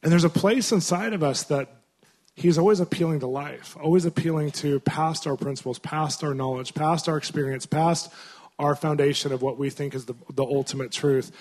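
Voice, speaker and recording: A man's voice: on the high side, normal speed. A man preaching a conversational sermon to a conference crowd, telling stories and acting out the people he quotes. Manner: storytelling, acts out quoted voices, rising to loud bursts; conversational with fillers.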